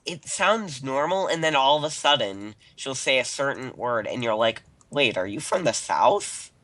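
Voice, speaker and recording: A man's voice: mid-range voice, animated, normal speed, fairly bright tone. A man from the eastern United States playing a game with a friend, goofy and playful in casual banter. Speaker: friend testing the mod.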